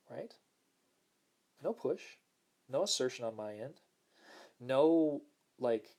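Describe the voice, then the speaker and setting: A man hosting a casual spiritual talk, speaking gently and smoothly, repeating words for emphasis and reading viewer comments aloud. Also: slow pace, pauses often. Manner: acts out quoted lines in a higher voice. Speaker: host.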